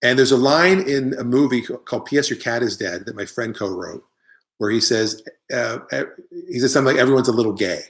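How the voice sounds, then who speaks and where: A middle-aged man with a plain, mid-pitched voice, holding forth in a loose comic monologue. He rambles from point to point, tosses off wry asides and answers viewers as he goes, talking casually, like someone hosting his own live stream. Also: a little fast, fairly bright tone. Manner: rambling, opinionated, jokey asides. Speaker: comedian hosting a live online show.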